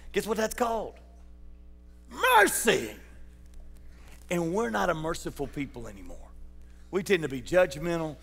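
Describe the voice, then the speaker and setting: A man's voice: sits high, a bit bright, long reverb tail. A man preaching a sermon as pastor, folksy and joking, putting questions to his congregation. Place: church sanctuary.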